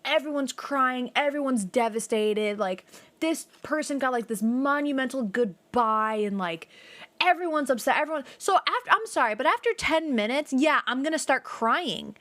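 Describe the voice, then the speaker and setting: During a casual let's play, a young woman rambles animatedly through stories, saying "like" constantly and swearing now and then. She speaks at a normal speed in a high-sitting voice, with no echo.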